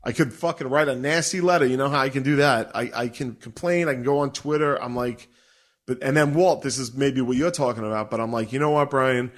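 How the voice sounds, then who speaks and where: A middle-aged man telling a story in a casual, profane and animated way, laughing as he goes. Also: mid-range voice, brisk. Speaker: podcast co-host.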